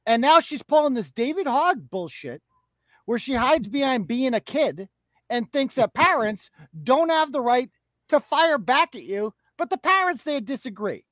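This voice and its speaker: A woman co-host ranting on a live talk show, scornful and crude, her pitch leaping up and down as she goes. The voice is dry and close, with no room sound behind it. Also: big pitch swings, a little slow, fairly bright tone, no room sound. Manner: profane, mocking, scornful. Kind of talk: heated live-show commentary.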